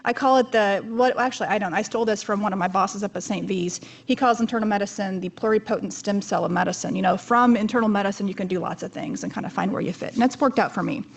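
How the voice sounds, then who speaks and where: A woman's voice: mid-range voice, quick pace, creaky, hardly any pauses, a little hiss or hum. A woman in her thirties giving a conference keynote talk in a chatty, joking, self-deprecating way. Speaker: keynote speaker.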